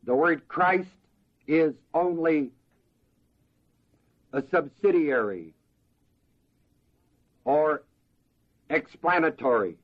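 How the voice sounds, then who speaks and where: A man preaching a slow, deliberate verse-by-verse sermon as pastor, pausing to ask the congregation to fill in words. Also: on the high side, animated, lo-fi sound.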